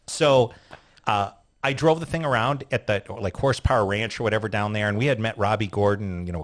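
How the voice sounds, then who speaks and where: A man, a retired sports car driver, telling a story as a guest in a casual interview, swearing freely and acting out what people said. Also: medium pitch. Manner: profane, animated storyteller acting out quotes.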